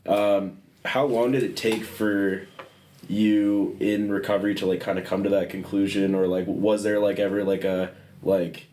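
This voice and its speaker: A man's voice: sits low, little pitch movement, normal speed, a little mellow, roomy sound, a little hiss or hum. A man hosting a podcast, asking questions hesitantly with many fillers. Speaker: podcast host. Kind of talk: casual conversation.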